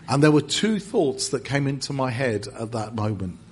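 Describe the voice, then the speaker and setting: Husky English preacher telling a funny story. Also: male voice, medium pitch, animated, normal speed. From England. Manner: humorous, self-deprecating storyteller with repeated restarts. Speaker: guest preacher. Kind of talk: storytelling sermon. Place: church.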